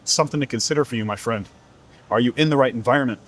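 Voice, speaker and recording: A man's voice: mid-range voice, very fast. A man who is a fitness coach giving an earnest, emphatic motivational talk, repeating rhetorical questions to the listener.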